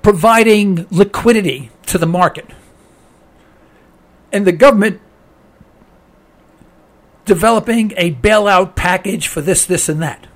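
A man hosting a call-in talk radio show, hoarse with laryngitis, ranting with exasperation and repeating himself. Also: high-pitched, unhurried, pauses often, fairly bright tone.

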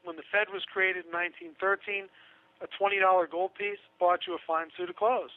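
High-voiced man on a tinny phone line. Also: level tone, fairly quick, no echo. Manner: chatty, sarcastic asides, laughs mid-sentence. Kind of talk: casual radio talk.

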